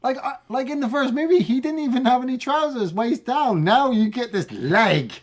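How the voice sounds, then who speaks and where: A man's voice: extremely high pitch, expressive, normal speed. A man, co-hosting a film review podcast in a casual, enthusiastic chat. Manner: enthusiastic, hums tunes and acts out lines.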